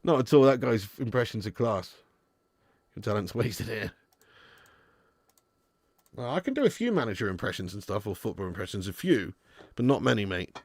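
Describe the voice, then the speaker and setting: A man hosting a live football watch-along, chatting and commentating in an excitable, sweary way. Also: on the low side, normal speed, gravelly, long pauses, slightly rough, no echo. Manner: excitable, sweary and laughing, bursts out at match moments.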